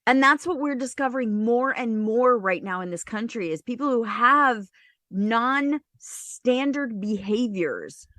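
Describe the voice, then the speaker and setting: A woman's voice: a little high, lively intonation, measured pace, sharp tone, no room sound. Earnest woman co-hosting, dry close sound. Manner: earnest, pushes back, laughs often. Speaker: podcast co-host. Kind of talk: casual comedy podcast banter.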